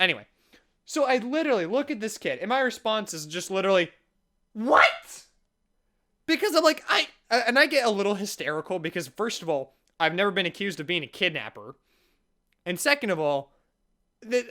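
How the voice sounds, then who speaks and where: A young man tells a funny personal story to his viewers in a bright, clear voice. He is animated and sarcastic, often tripping over his words and restarting his sentences as he jokes along. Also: high voice. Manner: animated, sarcastic, jokey with frequent self-interruptions. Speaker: vlogger. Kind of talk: storytime vlog.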